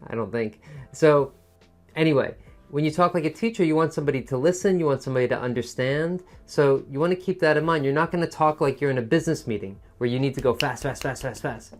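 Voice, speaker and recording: A man teaching an online test-prep lesson, with a musical voice that rises and falls, a soft tone, and a pace that speeds up and slows down for emphasis. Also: fairly high pitch, faint music behind. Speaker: TOEFL teacher.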